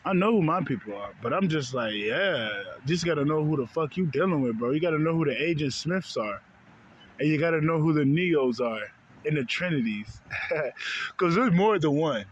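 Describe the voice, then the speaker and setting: A man's voice: on the high side, expressive, normal speed, dull audio. A man with a slightly raised voice vents in a heated, profane rant and keeps circling back to the same points. He calls his listeners bro over and over. A faint hum of traffic sits behind him. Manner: heated, profane, repetitive, says bro often. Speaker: spiritual vlogger. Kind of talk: casual rant to camera.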